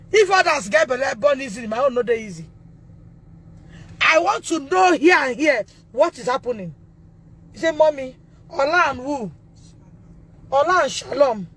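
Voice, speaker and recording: A Nigerian woman speaking on a phone livestream, distressed and loud, re-enacting conversations as a mother. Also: sits high. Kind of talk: emotional livestream testimony.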